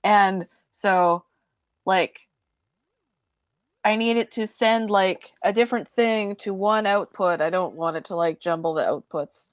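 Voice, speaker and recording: A woman chatting on a video call, quick, joking and offhand. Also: mid-range voice, no room sound, dull audio. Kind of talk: casual video-call chat.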